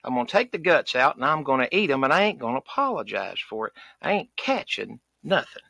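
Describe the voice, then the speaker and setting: Heavily acted and sing-song, this mid-range male voice is fairly quick, with vocal fry and a bright, forceful tone; there's no room sound and the highs are cut off. The man plays a recurring comedy podcast character, a loud, cranky, folksy rural Southern duck hunter in middle age, ranting in exasperation with sighs and country grammar.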